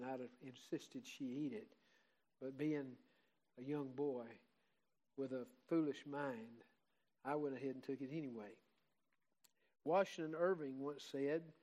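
A man's voice: on the high side, a little mellow, low-quality recording. An older man preaching a heartfelt Mother's Day sermon, rising to fervent emphasis. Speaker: pastor.

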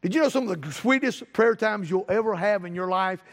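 A man, a pastor preaching a sermon, repeating phrases and building to loud emphatic peaks. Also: high-pitched, a little fast, long reverb tail.

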